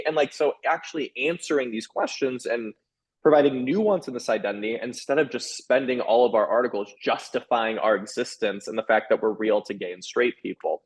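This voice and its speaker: Candid male guest, thirties, lively and chatty with lots of fillers. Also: mid-range voice, breathy edge, poor audio. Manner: animated, frank, quick restarts and "like" fillers. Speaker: author and sex columnist, guest. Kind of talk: candid conversational interview.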